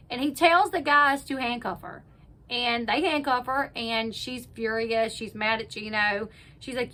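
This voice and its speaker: Woman host, casual recap vlogger, a little high voice, bright and lively delivery, loves "like". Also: normal speed. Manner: chatty, peppers speech with "like", acts out quotes. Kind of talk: casual retelling of a reality TV episode.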